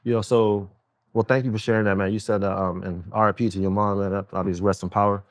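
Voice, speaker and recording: A man's voice: lowish voice, flat delivery, fast, dry recording. A man hosting a casual conversation, telling a personal story with lots of fillers and acting out other people's voices. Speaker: host.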